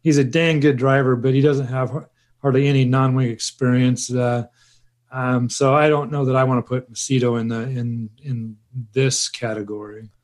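A man's voice: medium pitch, little pitch movement, moderate pace, darkish tone. A man co-hosting a casual podcast chat, talking hesitantly with many restarts and fillers. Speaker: podcast co-host.

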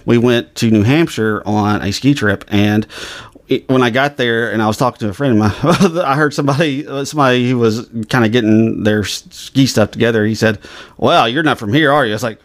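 A man from the American South with a light Southern accent, co-hosting a podcast. He talks fast and loose, circling back and restarting his sentences in easy, casual conversation. His voice sits at an ordinary middle pitch. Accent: Southern US, mild. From Southern United States. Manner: fast-talking, rambling with restarts. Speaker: podcast co-host.

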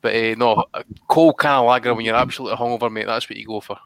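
A man's voice: mid-range voice, flat delivery, rapid-fire, a bit bright, clear, resonant tone, dry recording. A man telling rambling, sweary stories as a co-host in a casual podcast chat.

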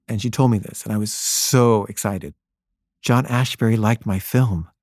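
A filmmaker recounting a personal anecdote in an earnest way, often stumbling into restarts mid-sentence. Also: male voice, fairly low pitch, normal speed, darkish tone, dry recording, studio quality. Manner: earnest, with frequent stammered restarts.

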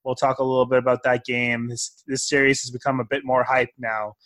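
A young man at mid pitch hosting a fan sports podcast. He sounds upbeat and enthusiastic, chatting casually and wrapping up episodes in an eager tone. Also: flat delivery, a little fast, fairly bright tone. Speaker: podcast host.

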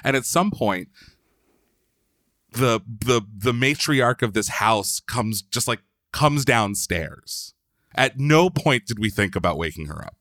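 A man's voice: medium pitch, expressive, slow, a bit bright, no room sound, studio quality. A man from Philadelphia, a podcast guest, telling a long story in a loose, chatty way, full of "like" and the odd swear word. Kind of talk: casual storytelling.

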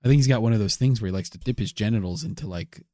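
A man's voice: fairly low pitch, rapid-fire, mellow, no room sound, studio quality. A man co-hosting a comedy podcast, telling a rambling, crude and absurd improvised story.

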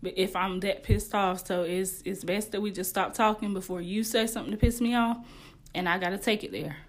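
A woman's voice: medium pitch, brisk. Woman podcast host, young adult, casual advice monologue, slangy and frank, laughs a lot. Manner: candid, slangy, laughs often.

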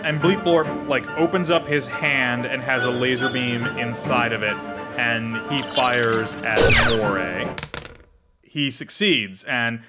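Playful male game master, music behind. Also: mid-range voice. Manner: playful, doing quick character voices. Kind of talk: narrating a tabletop game.

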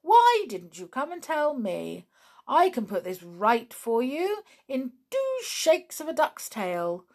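A woman's voice: high voice, wildly swooping pitch, slow pace, a little mellow, pitched above the performer's own voice, heavily acted. A woman voicing a bold, hearty male wooden soldier captain in a children's story.

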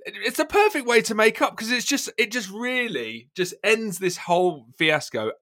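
A man hosting a casual podcast chat, laughing and reacting with incredulous, high exclamations. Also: animated, moderate pace, pushed and bright. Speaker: podcast host.

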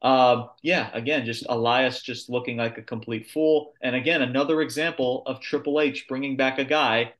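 A man co-hosting a podcast, giving a casual, animated wrestling review with blunt, sweary rants. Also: medium pitch, moderate pace, few pauses. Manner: ranting, animated, swears freely. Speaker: podcast co-host.

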